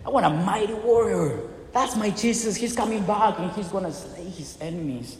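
A man's voice: high voice, animated, normal speed. A man preaching a sermon with impassioned, dramatic storytelling in a church hall. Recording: echoey hall with long reverb.

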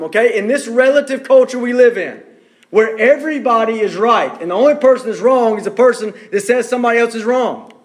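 A man preaching a sermon, emphatic and direct, repeating key phrases for stress. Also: very high-pitched.

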